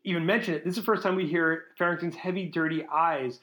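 Higher-voiced man in a roomy room. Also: fairly even intonation, quick pace, pushed and bright. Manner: conversational, agreeable, reasons things out aloud. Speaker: podcast co-host. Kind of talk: casual book discussion. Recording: roomy echo.

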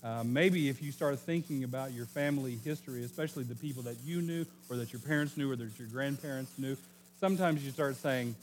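A middle-aged man from Oklahoma preaching a sermon in a relaxed, conversational storytelling way, joking and correcting himself as he goes. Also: mid-range voice, a little fast, slight background noise. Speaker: pastor.

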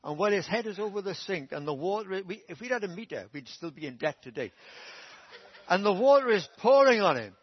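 Man, middle-aged, preacher, humorous anecdotes, husky high voice, dull dry recording. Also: expressive, brisk, no echo. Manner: humorous, self-deprecating anecdotes. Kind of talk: storytelling sermon.

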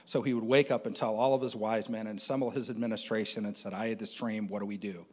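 Man telling a story with lively quoted voices. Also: fairly low pitch, quick pace, husky, long reverb tail. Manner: animated, acts out quoted voices, laughs often. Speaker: dream interpreter. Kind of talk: conversational storytelling.

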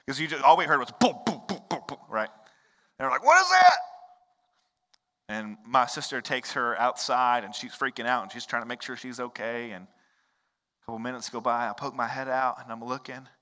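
A man preaches in a church sanctuary, his bright, forceful voice carrying a long hall reverb. He talks earnestly and conversationally and leans on personal stories. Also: medium pitch, fairly even intonation, moderate pace. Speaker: pastor. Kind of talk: sermon.

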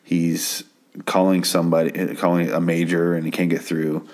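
A man's voice: low voice, little pitch movement, moderate pace, darkish tone. A man casually recapping a TV episode at home, rambling and stammering with plenty of swearing. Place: home at night.

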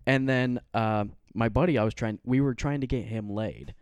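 A man's voice: mid-range voice, normal speed, darkish tone, clear, resonant tone, dry recording, lo-fi sound. Man, podcast host, casual chat, swears a lot, laughs through his stories, dry close sound. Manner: profane, laughing storyteller.

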